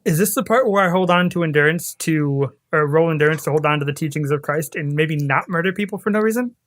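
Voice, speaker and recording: A man's voice: fairly high pitch, fast talker, fairly bright tone, no room sound, studio quality. A man playing a character in a tabletop game, answering with earnest, wry remarks. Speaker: player.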